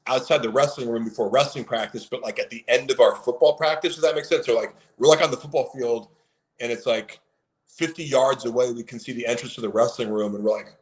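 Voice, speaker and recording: A man's voice: medium pitch, fairly even intonation, brisk, rough recording. Rambling man telling a story. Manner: rambling, heavy on fillers, acts out quoted people. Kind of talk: casual storytelling on a live stream.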